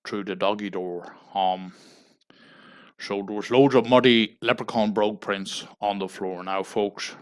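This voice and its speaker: An Irish man making a deadpan mock fundraising appeal on a livestream, pleading and tagging "folks" onto nearly every phrase. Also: fairly low pitch, a little slow. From Ireland. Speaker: comedic livestreamer.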